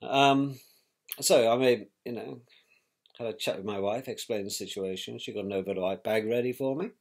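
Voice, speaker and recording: A middle-aged man, recalling a painful family event in a measured, reflective way with pauses and restarts. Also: fairly low pitch, creaky, a little mellow. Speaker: interviewee, victim's brother. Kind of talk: personal recollection.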